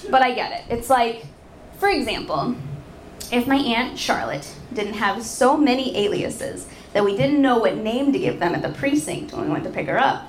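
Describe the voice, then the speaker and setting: A woman's voice: a little high, animated, moderate pace, slight background noise. A woman from Arkansas doing a wry, conversational stand-up set. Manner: wry, conversational, rhetorical asides. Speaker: stand-up comedian. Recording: echoey room.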